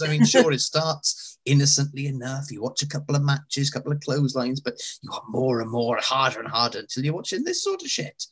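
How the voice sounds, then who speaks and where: A man's voice: medium pitch, big pitch swings, a little fast, fairly bright tone, breathy edge. A man co-hosting a podcast in casual chat, with a dry, sarcastic manner. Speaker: podcast co-host.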